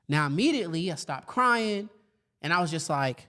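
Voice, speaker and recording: A man in his thirties giving a storytelling talk to educators, acting out his younger self with a raised, lively voice. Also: a little high, normal speed. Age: 30s. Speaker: speaker for educators.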